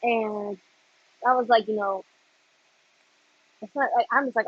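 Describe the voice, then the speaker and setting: A young woman from Florida hosting a late-night livestream, chatting and telling animated stories as she works. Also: medium pitch, normal speed, pauses often, dry recording, dull audio. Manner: animated storytelling with laughs. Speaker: livestream host. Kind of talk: casual chat while working.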